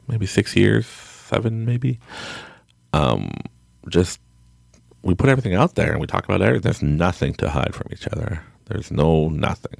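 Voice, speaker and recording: Man, late 30s, podcast storyteller: very low and lively, rambling and candid, dry close recording. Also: vocal fry, no room sound. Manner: rambling, full of restarts, frank and emotional. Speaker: podcast guest.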